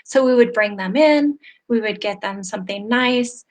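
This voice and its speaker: A woman's voice: a little high, normal speed. A woman hosting a live online interview, telling stories in an earnest, heartfelt way that grows emotional, heard over a video call. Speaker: host.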